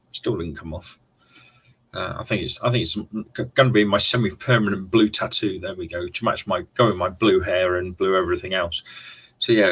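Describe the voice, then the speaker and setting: A man's voice: low-pitched, pushed and bright, husky, poor audio. A man hosting a live stream, chatting casually to viewers in a rambling way and often restarting his words. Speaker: livestream host.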